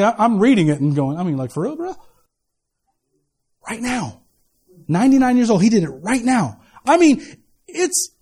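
A man's voice: high voice, dark tone, breathy edge. A man giving a sermon as pastor, casual and joking, often repeating his first words as he restarts. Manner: casual, joking preaching with many stammered restarts.

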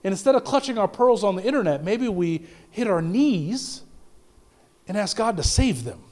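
A man. He swings between loud, pressing declarations and low, hushed lines, and he often stumbles and restarts mid-sentence. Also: big pitch swings, normal speed. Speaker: pastor. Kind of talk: sermon.

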